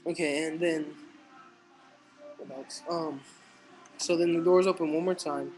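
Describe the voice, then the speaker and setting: A teenage boy telling jokes in a casual, rambling way, halting with fillers and restarts. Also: a little high, fairly even intonation, a little mellow, faint music behind, low-quality recording. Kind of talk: casual stand-up style joke telling.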